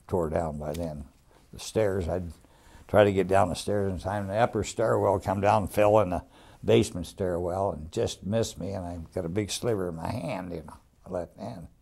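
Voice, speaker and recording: A man's voice: low voice, creaky, mellow, husky. An older man, a WWII veteran, recalling his wartime experiences in a rambling, folksy way for an oral history. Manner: rambling, folksy storytelling with restarts.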